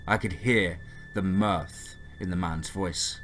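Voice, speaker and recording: A man's voice: low-pitched, unhurried, a bit bright, soft background music. A man narrating a first-person horror story in a tense, dramatic reading.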